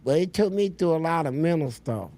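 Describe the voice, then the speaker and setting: A man's voice: fairly high pitch, animated, fairly quick, dark tone. A man telling blunt, profane stories as a guest in an interview. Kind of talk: storytelling interview.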